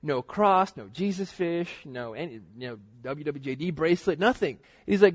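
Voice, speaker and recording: A man gives a sermon in a loose, storytelling way, full of slang and animated asides. His voice sits a little higher than most men's. The recording is dull and lo-fi. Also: moderate pace, few pauses. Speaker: pastor.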